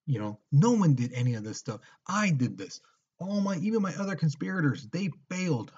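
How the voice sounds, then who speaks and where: A man's voice: on the high side, very animated, fairly quick, darkish tone, slightly rough, dull audio, voice pushed up, heavily acted. A man voicing a boastful, indignant assassin in a casual history lesson retelling. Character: boastful male assassin craving praise.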